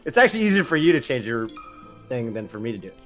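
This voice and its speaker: A man's voice: medium pitch, big pitch swings, fast, fairly bright tone. A man co-hosting a casual gaming stream, chatty and thinking aloud, laughing often. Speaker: co-host. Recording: faint music underneath.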